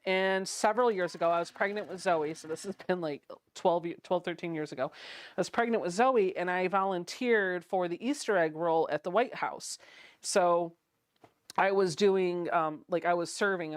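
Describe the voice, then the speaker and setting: A woman's voice: on the low side, normal speed. A woman in her thirties hosting a chatty livestream from her home sewing room, giggling often and reading viewer comments aloud. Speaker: livestream host.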